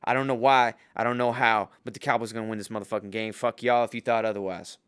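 A man's voice: on the low side, fairly even intonation, fast, a bit bright, smooth, dry recording, clean studio sound. A man giving football picks in a profane, rambling casual rant, full of fillers and restarts. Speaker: host making football picks.

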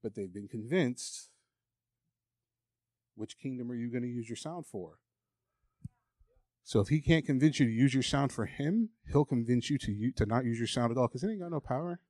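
A man's voice: medium pitch, animated, normal speed, long pauses, darkish tone, dry recording, clean studio sound. A man preaching a sermon, emphatic and candid, reading scripture aloud and acting out the doubting voices people hear. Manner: emphatic, candid, acts out mocking inner voices.

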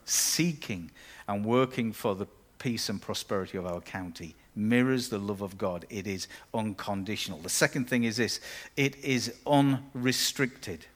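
A man's voice: lowish voice, unhurried, few pauses. A man preaching a sermon as pastor, conversational and with playful asides.

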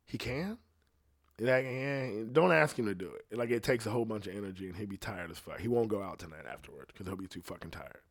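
A man's voice: on the low side, quick pace, few pauses. Laid-back, profane man rambling casually. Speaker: singer talking on a podcast.

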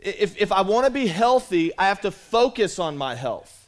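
Male pastor, slightly high voice, relaxed conversational sermon style with call-outs. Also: normal speed. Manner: conversational, repeats himself, calls out to the congregation. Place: church sanctuary.

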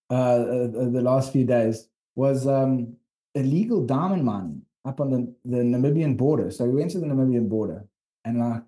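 A South African man recounts his travels in a loose, rambling way, with lots of restarts. His voice is very dark and mellow, sitting at an ordinary pitch. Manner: rambling, animated storytelling. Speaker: podcast co-host and documentary filmmaker. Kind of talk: casual storytelling chat.

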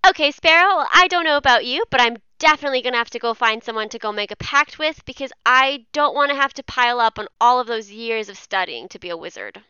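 A woman's voice: a little high, lively intonation, fast talker, few pauses, bright, forceful tone, clear, resonant tone, dry recording, highs cut off. A young woman co-hosting a storytelling podcast, chatting in a bubbly way. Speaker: podcast co-host. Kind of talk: casual chat.

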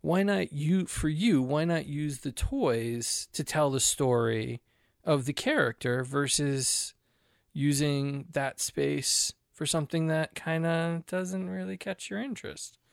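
A man with a gravelly, fry-edged voice, talking through ideas in a loose, animated way with plenty of restarts. The sound is dry and close, with no room echo. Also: a little high, takes it slowly. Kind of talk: casual conversation.

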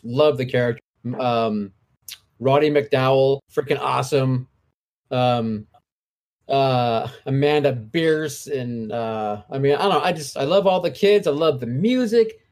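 A man's voice: mid-range voice, darkish tone. A man co-hosting a horror movie podcast, chatting casually and raving enthusiastically. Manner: enthusiastic, effusive. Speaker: podcast co-host. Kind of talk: casual chat.

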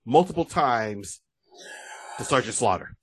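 A man's voice: mid-range voice, lively intonation, normal speed, slight background noise. A man co-hosting a podcast in casual chat, retelling cartoon plots and quoting the characters. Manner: storytelling, recounts cartoon plots and quotes characters. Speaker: podcast co-host.

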